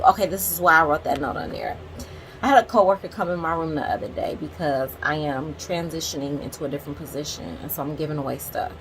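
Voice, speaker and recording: A woman's voice: deep voice, a little fast, slight background noise, low-quality recording. A woman in her forties, a teacher, casually reading quotes from a book aloud and breaking off into candid, chatty commentary to her viewers. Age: 40s.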